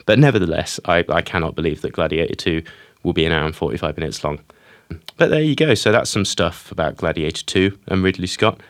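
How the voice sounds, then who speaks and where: A man's voice: deep voice, expressive, brisk, dry recording, studio quality. A man hosting a film podcast in casual chat, hesitant and repeating words as he goes. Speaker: podcast host.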